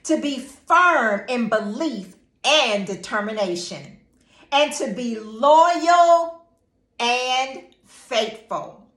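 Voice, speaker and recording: A woman's voice: a little high, expressive, drawn-out words, fairly bright tone, echoey room. A woman teaching scripture in a devotional style, preacherly, repeating phrases and calling out to listeners. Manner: preacherly, repeats phrases, call-and-response asides. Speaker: teacher and online Bible devotional host.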